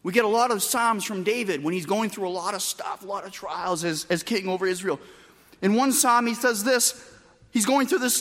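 A man preaching a sermon with emphatic delivery, moving between loud bursts and quiet, soft passages. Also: very high-pitched, big-room sound. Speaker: pastor.

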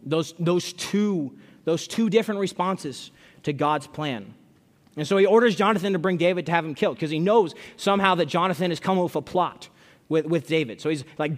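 A man preaching a sermon, reading scripture and then talking it through in plain, conversational language. His voice sits a little high for a man, and he often doubles back on his words. The sound carries the long reverb of a large church hall. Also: fairly quick. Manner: conversational, repeats words, reads scripture aloud. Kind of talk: expository sermon.

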